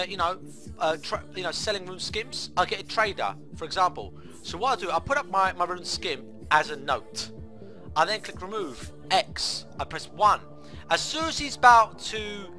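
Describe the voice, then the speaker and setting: A young man streaming a game, excitedly telling stories in a casual, swearing manner and acting out the voices of people in them. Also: a little high. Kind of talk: casual storytelling while playing a game.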